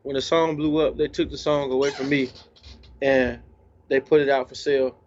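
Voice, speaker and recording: A man's voice: mid-range voice, level tone, normal speed, a little mellow, slight background noise. A man talking as a guest DJ in a casual interview, laid-back and slangy, sometimes eating while he talks. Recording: slightly dull lo-fi sound.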